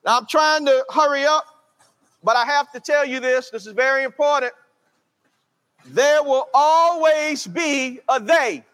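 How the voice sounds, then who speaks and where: High, bright-voiced preacher man. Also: in a large hall. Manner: slow, drawn-out preaching with call-and-response. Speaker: pastor. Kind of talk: sermon.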